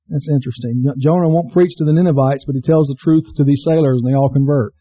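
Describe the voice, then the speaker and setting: A man's voice: medium pitch, fairly even intonation, fast talker. A man preaching a sermon in a folksy, storytelling way to a congregation, mixing scripture reading with jokes. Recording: dull lo-fi church recording.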